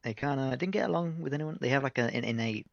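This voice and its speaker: A man in casual podcast chat who laughs a lot and gives quick replies, recorded on a slightly muffled microphone. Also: medium pitch, lively intonation, vocal fry, dry recording. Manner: reactive listener, laughs often, gives short replies. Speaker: podcast co-host.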